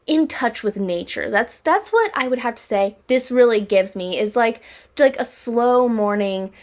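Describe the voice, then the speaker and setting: A young woman hosting a casual perfume review vlog, chatty and rambling, with lots of fillers and restarts. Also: fairly high pitch. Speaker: perfume reviewer, channel host.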